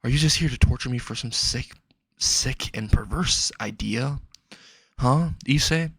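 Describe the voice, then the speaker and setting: A man's voice: mid-range voice, unhurried, creaky, slightly rough, no echo. A man voicing a young woman held captive, who mocks her captor and then begs him. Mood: defiant pleading.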